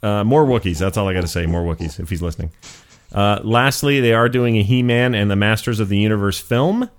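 A man's voice: fairly low pitch, a little fast. A young man hosting a podcast in casual chat, joking and goofy. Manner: joking, goofy, self-mocking. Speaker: podcast host.

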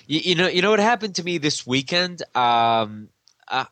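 Podcast co-host, man, mid pitch with lively swings, dry close sound, teasing. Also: normal speed, no room sound. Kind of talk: casual podcast banter.

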